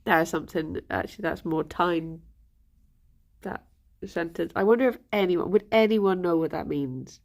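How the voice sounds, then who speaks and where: A woman's voice: lowish voice, normal speed, vocal fry. A young woman chatting casually with her stream viewers, rambling and giggly, sounding a little bunged up. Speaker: livestream host.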